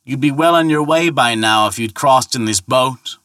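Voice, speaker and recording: A man's voice: mid-range voice, normal speed, a bit bright, no echo, studio quality, pitched above the performer's own voice, lightly acted. Man doing a jeering, sly old ferryman. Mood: mocking. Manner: jeering, taunting. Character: mocking one-eyed old ferryman, sly.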